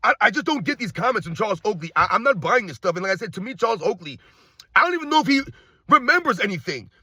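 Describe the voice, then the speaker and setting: A man hosting a sports commentary show, ranting in a heated, repetitive way and firing off exasperated rhetorical questions in a husky voice. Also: high-pitched, big pitch swings, fast, sharp tone, dry recording.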